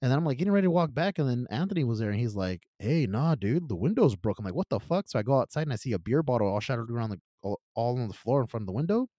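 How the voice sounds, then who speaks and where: A man's voice: medium pitch, racing, few pauses, dry recording, clean studio sound. A man co-hosting a casual podcast, telling a story with lots of swearing and laughter. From California. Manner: profane, animated storytelling, laughs often. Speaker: podcast co-host. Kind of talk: casual chat.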